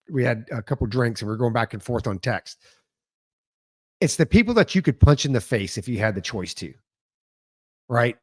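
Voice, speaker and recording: A man's voice: mid-range voice, no room sound. A man with an ordinary mid-range voice talks casually on a podcast, leaning on fillers and repeating words. His voice sounds dry and close, with no room around it. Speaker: podcast co-host.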